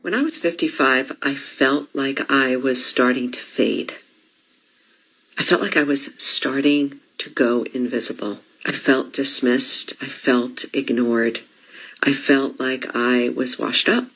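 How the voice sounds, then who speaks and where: Slow, breathy woman speaking solemnly. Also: rumbling low, fairly even intonation, a bit bright, rough recording.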